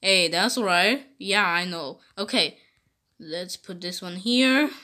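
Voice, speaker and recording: Female voice, slow-paced, giggly, playful character banter during gameplay. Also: fairly low pitch, sharp tone. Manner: giggly, bickering, slow-spoken. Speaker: game video maker voicing her characters. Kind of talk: playful role-play over gameplay.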